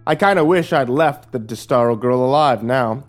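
A man's voice: mid-range voice, normal speed, faint music behind, voice pushed up, close to an everyday voice. A man voicing a menacing, smug older sheriff who taunts with a sneering drawl.

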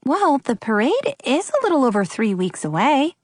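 A careful, logical teenage girl , read by a woman in a storybook, raising practical doubts in a matter-of-fact tone. Her pitch moves freely and the sound is dry and close. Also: huge pitch swings, moderate pace, a little mellow, no echo, heavily acted. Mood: doubtful.

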